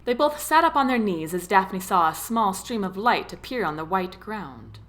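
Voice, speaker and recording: A woman narrating a romance novel as an audiobook, with expressive storytelling. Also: mid-range voice, normal speed. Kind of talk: scripted narration.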